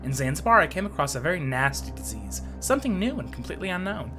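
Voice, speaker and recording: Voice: mid-range voice, big pitch swings, fast talker, music in the background, lightly acted. A game player voicing a friendly male army doctor in hearty banter. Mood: earnest.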